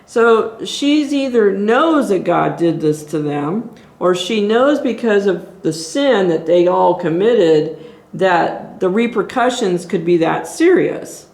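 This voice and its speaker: A woman's voice: medium pitch, lively intonation, takes it slowly, vocal fry, darkish tone. Woman, Bible study leader, earnest exhorting delivery, echoey church room. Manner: earnest, exhorting, thinking aloud. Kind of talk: teaching at a group Bible study.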